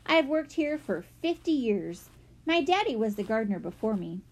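A woman voicing a gruff old male gardener who scolds children. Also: on the high side, big pitch swings, moderate pace, a little mellow.

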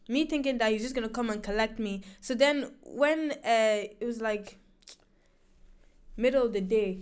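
A woman's voice: medium pitch, clean tone. A woman, a guest on a casual chat podcast, telling funny stories with lots of laughter and acted-out quotes. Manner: animated storyteller, acts out quotes, laughs often.

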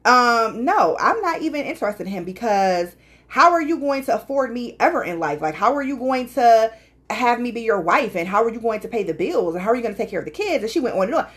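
Woman, podcast co-host, casual chat, animated storyteller, high voice, very lively pitch. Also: a little fast. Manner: animated storyteller, quotes people in playful voices.

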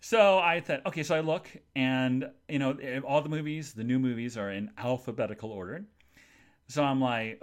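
A man's voice: mid-range voice, moderate pace. A man hosting a casual solo podcast, telling everyday stories in a chatty way with funny asides. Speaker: podcast host.

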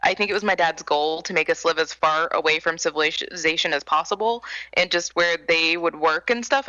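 Co-host: woman with a bright, lowish voice, relaxed and chatty, recorded dry. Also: no echo, highs cut off. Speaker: podcast co-host. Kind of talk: casual chat.

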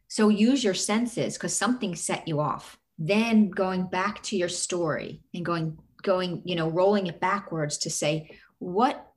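A middle-aged woman coach with a slightly low voice talks earnestly. She walks through each step by asking herself a run of questions. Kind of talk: casual advice talk.

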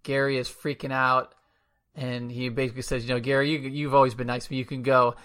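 A man in casual podcast conversation, quick and animated as he walks through scenes and asks questions. His voice has a bright, tense edge at a middle pitch. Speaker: podcast co-host. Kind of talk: casual movie review chat.

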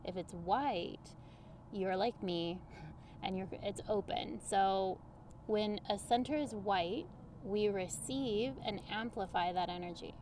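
A woman talking as a guest on a podcast, coaching people on human design in a lively, chatty way full of everyday examples. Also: medium pitch, takes it slowly, a little hiss or hum. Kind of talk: casual conversational interview.

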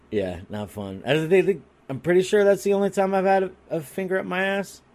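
A man telling a story on a podcast in a crude, rambling and animated way, restarting his sentences often. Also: high voice. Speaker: podcast co-host. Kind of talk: casual comedic storytelling.

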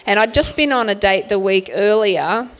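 A woman spins self-deprecating anecdotes on a panel, talking in a chatty, laughing flow. Her voice sits at an ordinary middle pitch for a woman. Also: moderate pace. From Australia. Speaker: author guest. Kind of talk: casual storytelling on a panel.

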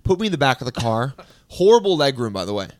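A man casually telling a story on a podcast, laid-back and deadpan, quoting people in a flat, low voice. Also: fast talker, no echo.

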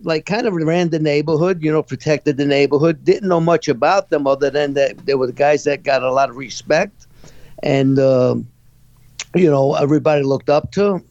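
A middle-aged man from Brooklyn, giving a halting, conversational personal testimony. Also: on the high side, a little mellow, no echo, lo-fi sound. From Brooklyn, New York. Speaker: guest.

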